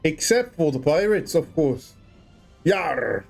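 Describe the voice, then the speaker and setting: A man's voice: mid-range voice, lively intonation, unhurried, mellow, faint music behind. A man casually chatting on a livestream while playing a game, musing and rambling as he tries out rolled R's. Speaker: game streamer.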